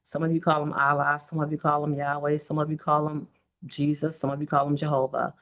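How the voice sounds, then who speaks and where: A woman's voice: deep voice, little pitch movement, a little fast, fairly bright tone. A woman in her fifties hosting a podcast, telling her own story in an earnest, heartfelt way and speaking straight to her listeners. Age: 50s. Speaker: podcast host.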